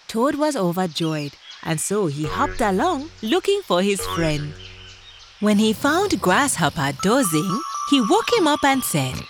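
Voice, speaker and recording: Woman storyteller for kids; expressive, unhurried, faint music bed. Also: mid-range voice. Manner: gentle, expressive, addresses young listeners. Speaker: storyteller for children. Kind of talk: children's story narration.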